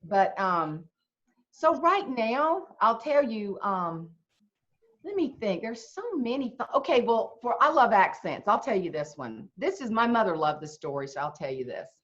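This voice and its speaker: A woman's voice: mid-range voice, measured pace. A middle-aged woman with a Southern accent, a humorist telling folksy comic stories as a guest on a video chat. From South Carolina. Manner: folksy, animated, comic storyteller. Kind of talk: storytelling chat. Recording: muffled lo-fi video call audio.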